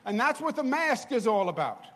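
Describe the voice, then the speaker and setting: Slow, solemn New politician, high voice. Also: male voice, big pitch swings, fairly bright tone. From New York.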